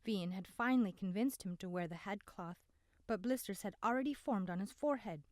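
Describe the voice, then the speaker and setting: A woman narrating a novel in an even, measured reading voice, close to the mic. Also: medium pitch, no echo. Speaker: audiobook narrator. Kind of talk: scripted narration.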